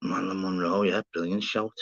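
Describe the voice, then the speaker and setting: A middle-aged Scouse man hosts a livestream, talking casually in a low, steady voice at a fairly quick clip with some vocal fry. He swears freely and calls his viewers mate and fella. The sound is slightly dull and lo-fi.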